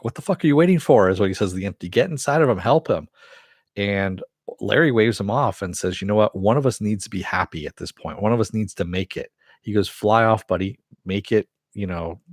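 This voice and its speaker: A man's voice: low-pitched, no echo, clean studio sound. A man casually recapping a TV episode, retelling the scenes in a loose, rambling way and swearing freely. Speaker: TV show reviewer.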